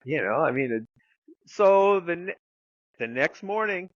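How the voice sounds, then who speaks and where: A man's voice: a little high, lively intonation, moderate pace, dry recording, muffled recording. A man guest telling a long story in casual, rambling talk, full of fillers and the odd swear word. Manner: rambling anecdote with many fillers and some swearing. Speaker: guest therapist.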